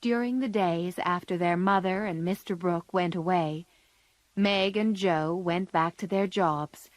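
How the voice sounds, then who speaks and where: A woman reading a story aloud calmly and clearly for English learners. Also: fairly low pitch, no room sound. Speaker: narrator.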